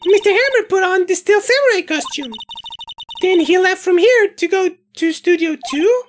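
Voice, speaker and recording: Woman voicing a squeaky young sidekick, bubbly, bouncy, noisy recording. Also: lively intonation, normal speed. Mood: curious. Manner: bubbly, insistent.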